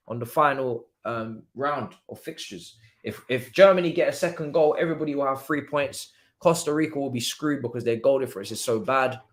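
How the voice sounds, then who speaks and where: A young man reacts to a football match live, talking casually and in slang. He jumps between calm remarks and sudden shouts at the players, his voice at an ordinary middle pitch. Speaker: watchalong streamer. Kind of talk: live football watchalong commentary.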